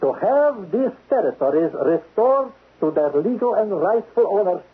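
A man playing a cold, menacing foreign spy chief in a 1970s radio drama, clipped and husky. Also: high voice, big pitch swings, normal speed, full character voice. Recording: dull lo-fi radio broadcast.

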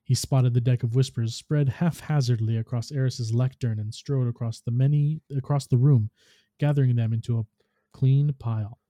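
A man, a podcast host, reading a story aloud in a steady, even narration. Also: mid-range voice, moderate pace, dry recording, clean studio sound.

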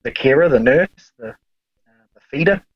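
A man's voice: medium pitch, expressive, normal speed, dull audio. A man, a podcast guest telling long, rambling stories in casual chat, swearing freely and full of fillers.

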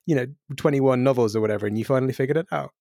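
Gravelly, thoughtful male podcast host. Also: medium pitch, dark tone, no echo, studio quality. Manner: slow, thoughtful, hesitant phrasing. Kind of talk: casual podcast interview.

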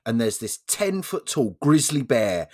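A man co-hosting a podcast, telling a long joke in casual chat with lively storytelling. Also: a little slow. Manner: lively storyteller, swings pitch widely. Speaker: podcast co-host.

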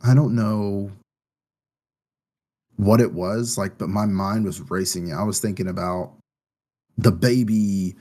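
Rambling, easygoing man, low voice. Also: steady tone, slow, long pauses, a little mellow. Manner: rambling, full of "like" and "um". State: anxious about his first baby. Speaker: podcast co-host. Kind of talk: casual chat.

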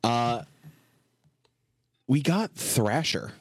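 Male podcast co-host, relaxed and swearing, mid-pitched voice, dry recording. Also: extremely slow, no echo. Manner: laid-back, enthusiastic, swears. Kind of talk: casual chat.

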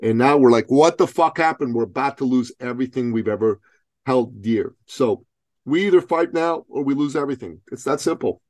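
A man in his forties talks a little fast in a medium-pitched, slightly mellow voice during a casual podcast conversation held over video call. He speaks bluntly and emphatically with frequent swearing, and the audio has no echo.

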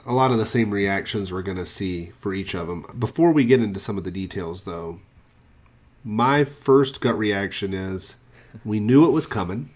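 A man's voice: fairly low pitch, normal speed, a little mellow. A man hosting a casual podcast, chatty and a bit wry as he runs through the news. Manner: chatty, wry about price hikes. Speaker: podcast host.

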